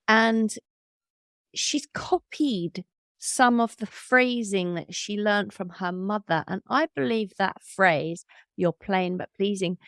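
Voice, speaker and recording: A woman in her fifties with a gravelly edge to her voice, recounting family memories earnestly as a guest on a podcast. The recording is close and dry, without room sound. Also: medium pitch, no echo. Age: 50s. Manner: earnest, reflective, with small laughs. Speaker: interview guest. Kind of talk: reflective conversational storytelling.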